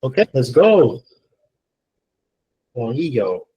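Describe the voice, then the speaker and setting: A man's voice: medium pitch, very animated, drawn-out words, breathy edge, lo-fi sound. A man teaching an online English class, playful and encouraging, joking with his students.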